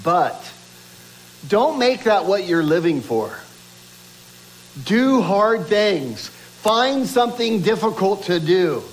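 A man's voice: big pitch swings, takes it slowly, pauses often, low-quality recording. A man preaching a sermon, reading scripture aloud and building emphasis with rhetorical questions. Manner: reads scripture aloud, drops low and quiet for quoted lines. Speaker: pastor.

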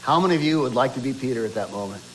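A man's voice: expressive, racing, a little hiss or hum, rough recording. A man preaching a sermon, reading scripture aloud and building emphasis with rhetorical questions. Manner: reads scripture aloud, drops low and quiet for quoted lines. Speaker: pastor.

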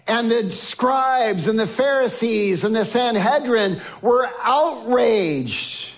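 A man preaching a sermon, emphatic, swinging from exclamations to hushed tones. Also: extremely high pitch, lively intonation, slow, hardly any pauses. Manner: acts out quoted speech of biblical figures.

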